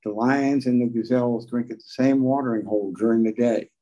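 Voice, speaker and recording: Older man, mellow folksy storyteller. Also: medium pitch, steady tone, brisk, muffled recording. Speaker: recovery meeting speaker. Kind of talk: personal recovery talk.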